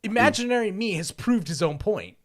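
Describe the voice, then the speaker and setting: A man co-hosting a podcast, telling a story in casual chat, lively and swearing often, with loud outbursts. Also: sits high, moderate pace. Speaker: podcast co-host. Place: lives in Japan.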